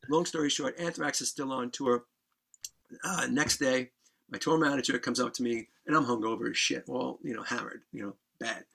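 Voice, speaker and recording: Mid-range and gravelly, the man's voice keeps a normal pace as he tells a wild story as a podcast guest, swearing and laughing with casual, animated energy.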